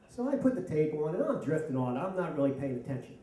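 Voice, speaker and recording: A middle-aged man tells a comic story live on stage, self-mocking and lively. His voice comes from a distance in an echoey hall. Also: fairly high pitch, fast, few pauses. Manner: animated, self-mocking, laughing through lines. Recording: echoey hall, mic from far off.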